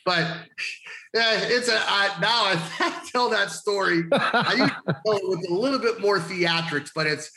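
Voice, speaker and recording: Casting: male wrestler guest, bright forceful tone, swearing storyteller, roomy echo. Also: high voice, unhurried, vocal fry. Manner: profane, laughing storyteller. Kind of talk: casual storytelling.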